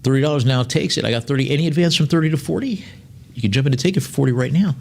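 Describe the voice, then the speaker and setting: A man's voice: mid-range voice, vocal fry, a little mellow, a little hiss or hum. Man calling bids at a live auction. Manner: rapid bid calling mixed with slower, chatty lot descriptions and dry asides.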